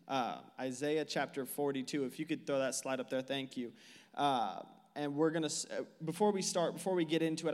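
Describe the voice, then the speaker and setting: A man in his twenties giving a casual youth sermon on a stage mic, chatty and joking, full of fillers and questions to the crowd. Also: a little high. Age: 20s. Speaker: youth pastor. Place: church hall, speaking to a live group. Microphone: handheld or stage mic. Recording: long hall reverb.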